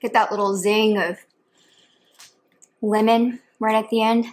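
A mukbang vlogger with a highish voice chats casually between bites in a home eating video. Her delivery is flat and her pace measured.

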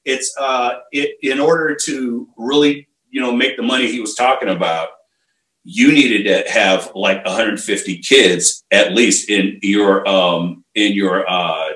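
A man in his fifties, a martial arts instructor, telling stories in a casual and animated way. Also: lowish voice, measured pace. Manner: animated, acts out quotes, many fillers. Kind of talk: casual storytelling. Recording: roomy echo.

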